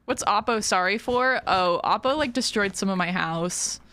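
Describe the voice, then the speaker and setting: A woman's voice: medium pitch, moderate pace, pushed and bright. A woman streaming a video game, chatting casually with her viewers and often giggling. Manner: chatty, giggly, talks to chat. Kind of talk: casual livestream chat while playing.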